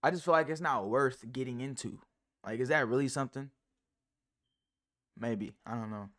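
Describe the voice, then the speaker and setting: A man streams live and reacts to clips, chatting casually in slangy, profane language. He rambles with many fillers, his pitch and loudness jumping sharply, at a moderate pace.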